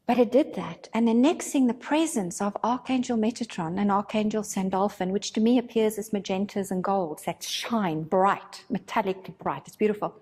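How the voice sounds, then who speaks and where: A woman teaching a spiritual course, telling a story in a casual, animated way and acting out her own thoughts. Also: medium pitch, moderate pace, few pauses, slightly rough, long reverb tail.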